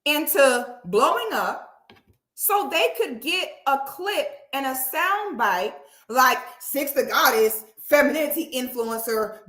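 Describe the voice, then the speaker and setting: High, bright-voiced woman ranting profanely. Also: echoey room. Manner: emphatic and profane, rants with rising intensity. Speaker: online commentator. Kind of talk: heated talk to camera.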